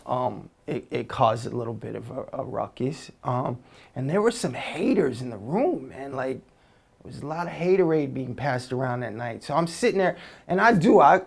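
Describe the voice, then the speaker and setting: A man telling stories in a relaxed, slangy way as an interview guest, with many fillers and restarts. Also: mid-range voice, vocal fry. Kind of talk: casual storytelling.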